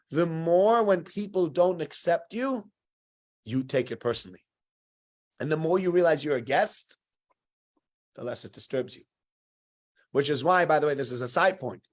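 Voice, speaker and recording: A man teaching a weekly Torah lesson. His voice sits fairly high for a man. He talks in an animated, conversational way and tells his points as stories.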